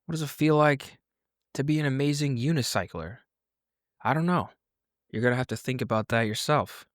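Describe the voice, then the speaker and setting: A man's voice: mid-range voice, normal speed, no room sound. Playful male podcast host, dry close sound. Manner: upbeat, playful, conversational. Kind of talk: casual podcast intro.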